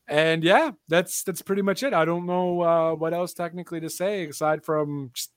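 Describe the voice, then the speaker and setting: A man's voice: fairly high pitch, moderate pace, hardly any pauses, dry recording, clean studio sound. A young man hosting a casual wrestling chat show, rambling with lots of fillers in an upbeat way. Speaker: podcast host.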